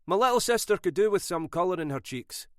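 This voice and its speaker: A man's voice: high voice, expressive, fast, no echo, clean studio sound, voice pushed up. A man voicing a protective older brother who speaks firmly and commands. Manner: firm, commanding. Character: protective big brother, forceful and urgent.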